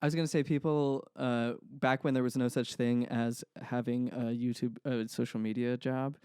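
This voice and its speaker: A young man chatting on a podcast, telling rambling, self-deprecating stories and laughing easily. The voice is mid-pitched and sits close to the mic in a dry, deadened space. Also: level tone, moderate pace, darkish tone, clear, resonant tone, no echo. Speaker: podcast co-host. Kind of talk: casual chat.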